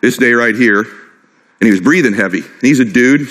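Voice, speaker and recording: A man's voice: mid-range voice, a little fast, fairly bright tone. Impassioned middle-aged man in a reverberant hall. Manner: impassioned, personal, repeating short phrases. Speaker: motivational speaker. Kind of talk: motivational stage talk.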